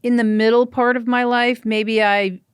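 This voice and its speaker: A woman from New Jersey telling a comic story as a podcast guest, lively and acting out the people she quotes. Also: fairly high pitch, normal speed, clean tone, no echo, clean studio sound. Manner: animated, acts out quoted voices. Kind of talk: comedic storytelling.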